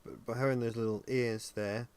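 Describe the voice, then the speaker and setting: A tired man chatting casually on a livestream while he works on 3D animation, thinking aloud with frequent pauses and ums. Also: medium pitch, level tone, darkish tone, clear, resonant tone. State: tired and yawning. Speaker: 3D animator livestreaming his work.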